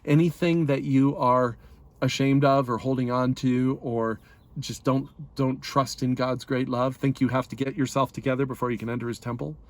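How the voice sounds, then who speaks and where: A man giving a relaxed, conversational Bible study talk, explaining plainly with fillers and restarts. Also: medium pitch, moderate pace. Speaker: Bible teacher.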